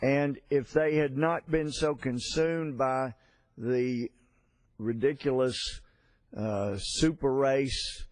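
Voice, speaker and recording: Slow-talking congressman, dry close mic, rambling anecdote. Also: medium pitch, fairly even intonation, darkish tone, dry recording. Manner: storytelling, halting with fillers and restarts. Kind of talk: floor speech with anecdote.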